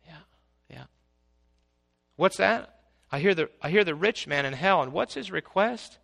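A man preaching a sermon as pastor, swinging from quiet asides to loud, exclaiming passages. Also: high-pitched, expressive, a little slow, gravelly, pauses often.

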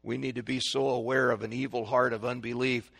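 A man preaching a sermon to a congregation, swinging between loud proclaiming and hushed, dramatic quiet. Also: mid-range voice, flat delivery, a little fast, creaky, husky.

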